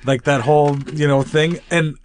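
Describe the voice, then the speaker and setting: A man's voice: fairly high pitch, steady tone, normal speed. A man guesting on a casual podcast, teasing the hosts and laughing often. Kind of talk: casual chat.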